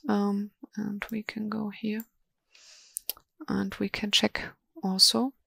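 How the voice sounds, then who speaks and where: Female webinar presenter, halting and monotone, dry sound with mouse clicks. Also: medium pitch, gravelly, slightly rough, dry recording. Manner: slow, hesitant, many ums and restarts. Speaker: software presenter. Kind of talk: live software demo webinar.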